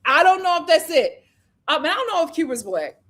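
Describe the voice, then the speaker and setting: A woman's voice: extremely high pitch, big pitch swings, brisk, fairly bright tone. A woman hosting a casual live review of a reality dating show, chatty and opinionated, acting out what the cast said. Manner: chatty, opinionated, acts out cast members' lines.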